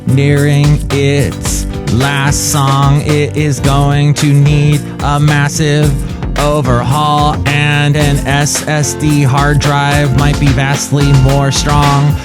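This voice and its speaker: A man's voice: on the high side, completely flat delivery, takes it slowly, over loud music. A man hosting a jokey podcast, rambling with fillers and asides. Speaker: podcast host. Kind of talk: comic podcast chat.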